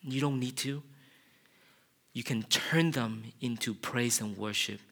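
A man's voice: mid-range voice, slow pace. A man preaching an earnest, confessional sermon. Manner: earnest, confessional, builds to loud passionate shouting. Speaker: pastor.

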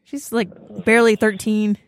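A woman's voice: mid-range voice, level tone, moderate pace, no echo. Podcast co-host, female, giggly gossip storyteller, dry close mic. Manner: giggly storyteller, acts out quotes. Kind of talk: casual chat.

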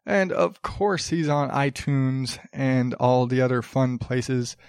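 A man's voice: medium pitch, slow pace, smooth, dry recording, studio quality. A man hosting his own podcast, rambling casually with lots of fillers, restarts and swearing. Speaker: podcast host. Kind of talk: casual solo podcast chat.

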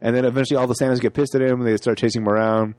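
A man recapping a film's plot in a relaxed chat, free-associating and laughing along. His voice sits at a medium pitch, and the recording is dry and close, with no room echo. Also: rapid-fire. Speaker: podcast co-host. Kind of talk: casual movie chat.

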